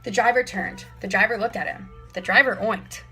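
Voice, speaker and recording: A woman narrating a children's story in clear, measured scripted narration. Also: mid-range voice, pushed and bright, soft background music, low-quality recording. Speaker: audiobook narrator.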